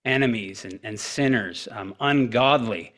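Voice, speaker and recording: A man preaching a sermon in an earnest way, often pausing on fillers and repeating words as he goes. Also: lowish voice, a bit bright.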